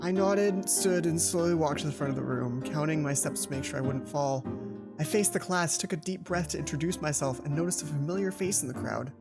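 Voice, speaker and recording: A man's voice: on the high side, brisk, gravelly, loud music behind the voice. A man hosting a let's play, reading the game's text aloud and breaking off into stumbling asides. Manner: stumbling self-interrupting asides, restarts.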